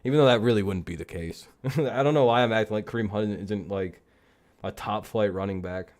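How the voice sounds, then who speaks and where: Speaking in a lowish, darkish voice at a brisk clip, this streamer runs a loose live football chat. He rambles, cracks jokes with lots of profanity, and laughs as he goes.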